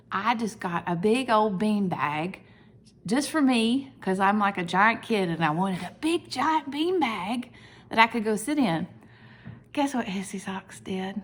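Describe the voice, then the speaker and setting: A woman teaching a video lesson for young children at home, animated and sing-song, with whispered asides. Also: mid-range voice, a little hiss or hum. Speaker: preschool teacher.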